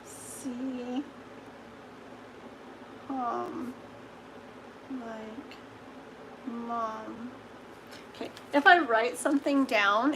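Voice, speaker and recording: Middle-aged woman, livestream tarot host, chatty and gushing with frequent laughs; high voice, unhurried delivery. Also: gravelly, noisy background. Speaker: tarot reader hosting a livestream. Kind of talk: casual livestream chat.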